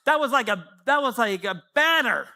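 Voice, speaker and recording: A man in his fifties delivers a lively sermon in a notably high voice. His tone is bright and forceful, and he keeps acting out short exchanges in prayer. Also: normal speed. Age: 50s. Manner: animated preaching, acting out prayers and dialogues. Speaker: pastor.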